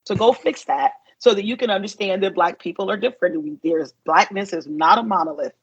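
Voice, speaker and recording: A woman with a slightly husky voice is a guest on a podcast. She talks about her writing in a frank, emphatic way. She laughs along easily in the casual conversation. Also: mid-range voice, a little fast, no room sound, muffled recording. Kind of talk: casual chat.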